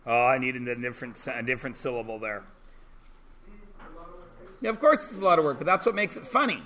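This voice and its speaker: A man in his forties, a high school English teacher, talking to his class in an animated, sarcastic, joking way. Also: brisk, long pauses. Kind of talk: classroom talk.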